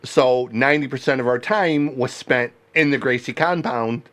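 Rambling, halting podcast host man. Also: mid-range voice, a bit bright. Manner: rambling, halting, laughs often. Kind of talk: casual interview chat.

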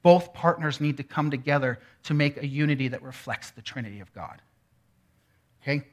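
A man's voice: a little high, a little fast. A man preaching a sermon in a teaching manner, often checking in with the room. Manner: teaching, asks the room questions. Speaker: pastor.

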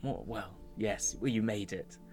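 A courteous but befuddled male Factol, played by a man in his everyday voice, who speaks haltingly, trails off and keeps apologizing. Soft music plays faintly underneath. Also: fairly low pitch. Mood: confused. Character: male Factol, forgetful and polite.

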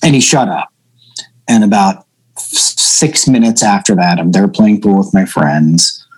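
A man in his thirties from central Pennsylvania, a comedian telling an animated, profane story as a guest in a casual interview. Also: low-pitched, measured pace, husky, poor audio.

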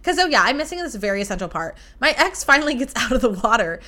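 A young woman hosting a podcast, telling a story in a casual, animated and profane way. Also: on the high side, fast. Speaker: podcast host.

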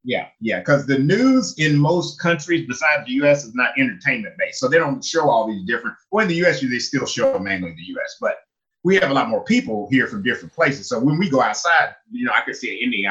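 Brief: animated male guest, bright edgy tone, acts out the people in his stories. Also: lo-fi sound. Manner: animated, acts out people with big pitch jumps. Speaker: guest who lived in China. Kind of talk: casual storytelling chat.

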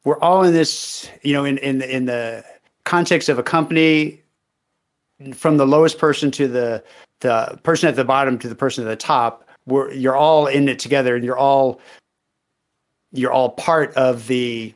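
A man's voice: medium pitch, fairly even intonation, moderate pace. Man telling a story on a podcast. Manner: easygoing, tells anecdotes. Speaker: podcast co-host.

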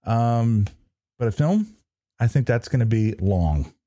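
A man co-hosting a podcast chats casually, rambling and hesitant with many fillers and restarts. His warm, medium-pitched voice has lively intonation and a slow pace, recorded at studio quality with no echo.

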